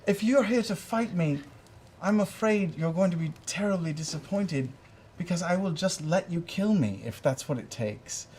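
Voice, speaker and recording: A man's voice: on the high side, darkish tone, a little hiss or hum, close to an everyday voice. A man voicing a roguish bard father in a tabletop game, making an earnest, heartfelt speech with a self-mocking edge. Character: roguish middle-aged bard, sentimental scoundrel father.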